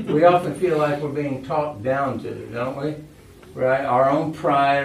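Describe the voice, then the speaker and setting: A man's voice: mid-range voice, slight background noise. A male pastor preaching a sermon, telling stories and asking his congregation questions. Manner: storytelling, asks the congregation questions. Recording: echoey room, voice from far off.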